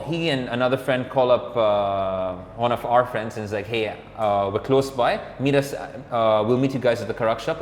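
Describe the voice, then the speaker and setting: A man telling a story in a casual, rambling chat, filling his talk with "like" and "or whatever" and acting out what others said. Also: medium pitch. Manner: rambling, filler-heavy, acts out quoted dialogue. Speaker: podcast co-host, motorcyclist. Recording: roomy, reverberant room with faint background hum.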